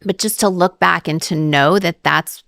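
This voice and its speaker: Chatty woman, smooth low voice. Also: normal speed, a bit bright, dry recording, clean studio sound. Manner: chatty storyteller, many "like" fillers, acts out quotes. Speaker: guest. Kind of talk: casual interview chat.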